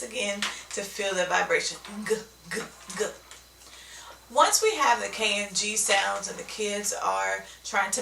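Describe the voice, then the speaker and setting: A woman's voice: medium pitch, gravelly, roomy sound, far from the mic, background noise. A woman teaching speech sounds in an instructional video, explaining step by step and often checking in with "okay?".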